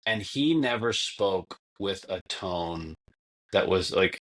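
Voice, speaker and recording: Young man, low voice, podcast guest, rambling storyteller. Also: lively intonation, takes it slowly, a bit bright. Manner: long-winded storytelling, acts out quotes. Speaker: podcast guest, former basketball player. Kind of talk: casual conversation.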